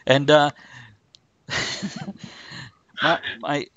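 A man's voice: a little high, level tone, drawn-out words, fairly bright tone, no echo, muffled recording. A man hosting a casual podcast chat, rambling and teasing with frequent laughs. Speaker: host.

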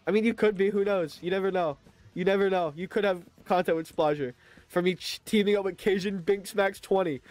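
A man streaming a video game live, talking to his chat in a chatty, excitable way. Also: sits high, a little fast, soft background music. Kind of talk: live gaming stream commentary.

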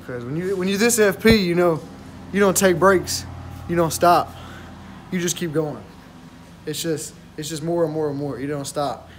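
A man's voice: on the high side, normal speed, a little hiss or hum. A young man talking casually in a vlog, laid-back, with lots of repeated slang fillers. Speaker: vlogger.

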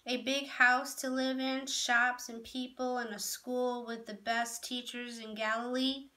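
A woman's voice: fairly high pitch, level tone, unhurried, bright, forceful tone. A woman reading as an earnest, protesting young girl. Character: hopeful, slightly pouting young girl.

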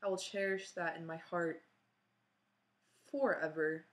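A woman's voice: lowish voice, steady tone, unhurried, low-quality recording. Awkward rambling woman vlogging at home. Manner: awkward, self-mocking, rambling. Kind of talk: rambling apology vlog. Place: at home with her dog. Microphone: computer mic.

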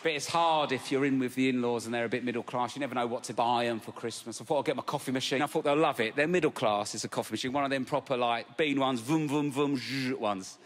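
Cheeky South East London comic. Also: male voice, medium pitch, fast, few pauses, a little hiss or hum. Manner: brash, cheeky, punchy. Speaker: stand-up comedian. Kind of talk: stand-up routine. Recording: live club, loud crowd laughter.

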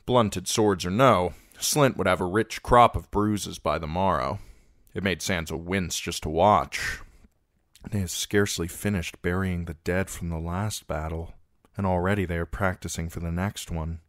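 A man narrating a fantasy novel as an amateur audiobook reader, with steady, even storytelling. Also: low-pitched, unhurried, no room sound, clean studio sound.

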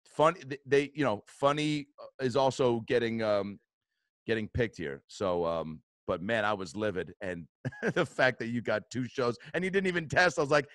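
A man's voice: mid-range voice, normal speed, a bit bright, dry recording, clean studio sound. A man hosting a podcast, telling a story casually, swearing often and acting out what people said with bursts of laughter. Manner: swears a lot, acts out quotes, laughs often. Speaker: podcast host.

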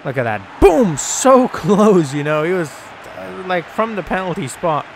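A man giving casual, excitable commentary over a football video game, swearing and joking at his viewers. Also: high voice, moderate pace, gravelly, a little hiss or hum. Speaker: gaming YouTuber.

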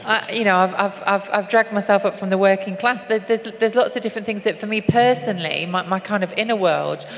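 Earnest woman on a reverberant stage. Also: mid-range voice. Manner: earnest, halting with frequent restarts. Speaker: activist and guest. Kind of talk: live on-stage interview. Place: stage at a live event. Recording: long hall reverb, faint noise.

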